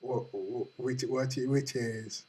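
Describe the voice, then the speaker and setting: Husky-voiced man giving earnest motivational talk. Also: medium pitch, fairly even intonation, slow, darkish tone, poor audio. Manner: earnest, repetitive, questioning the listener. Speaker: host.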